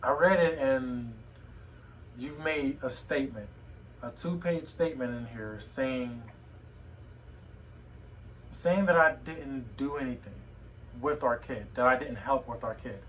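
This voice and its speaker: A young man talking to a phone camera at home in a personal vlog, emotional and halting, often repeating his words. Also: medium pitch, fairly bright tone, distant mic, a little hiss or hum, rough recording. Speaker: vlogger. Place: home room.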